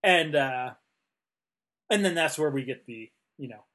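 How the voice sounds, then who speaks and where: A man's voice: mid-range voice, lively intonation, measured pace, bright, forceful tone. A man co-hosting a casual discussion, talking with many fillers and restarts. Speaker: podcast co-host.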